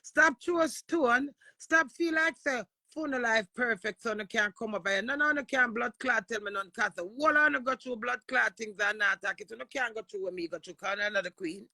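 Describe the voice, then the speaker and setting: A Jamaican woman hosting a live stream, ranting forcefully and swearing as she talks with a caller. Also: on the high side, a little fast, few pauses, no echo. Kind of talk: casual live chat.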